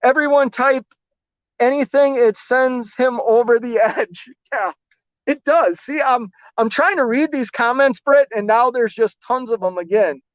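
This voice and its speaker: A relaxed man rambles through viewer comments on his trucking stream, joking at his own expense. The sound is dull and lo-fi, and it is dry and close with no room echo. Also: extremely high pitch, measured pace. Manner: rambling, easygoing, self-deprecating, many "like"s. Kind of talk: casual live-stream chat reading comments.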